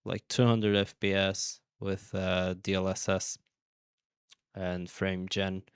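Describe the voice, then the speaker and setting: A man giving relaxed gameplay commentary as he tests a game on his PC, thinking aloud with many fillers and restarts. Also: deep voice, slow, clean tone, no room sound, studio quality. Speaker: gaming channel host.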